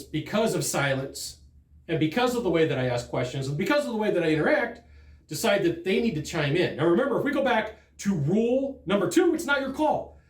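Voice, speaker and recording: A man giving a sales training talk, telling stories from the field in an animated, emphatic way. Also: high voice, roomy sound.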